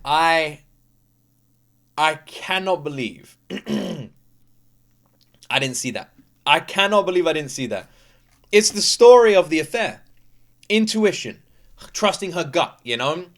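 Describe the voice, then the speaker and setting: A young British man from the UK, chatting excitedly as a reaction video host, quick to laugh and full of fillers. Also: a little high. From United Kingdom. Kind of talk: casual reaction commentary.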